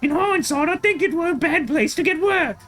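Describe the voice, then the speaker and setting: A man voicing a proud, meddling middle-aged male builder with a high, breathless delivery. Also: brisk, a bit bright, faint music behind. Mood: boastful.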